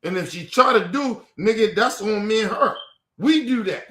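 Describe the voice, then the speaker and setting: A man's voice: high-pitched, animated, moderate pace, sharp tone, echoey room. A man in an angry, profane rant at his family, repeating himself in heated outbursts.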